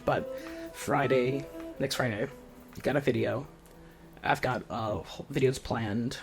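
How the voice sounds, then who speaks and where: A young man in his twenties talking quietly and off the cuff, with a monotone voice, often restarting his sentences. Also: mid-range voice, unhurried, soft background music. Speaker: video essayist. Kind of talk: unscripted video essay. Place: home room with roommates nearby.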